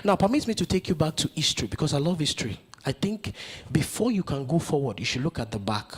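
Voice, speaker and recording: A man's voice: fairly high pitch, big pitch swings, fast, husky. A man giving a motivational conference speech, stirring the audience with rhetorical questions. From Nigeria. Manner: rousing, full of rhetorical questions. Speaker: conference speaker.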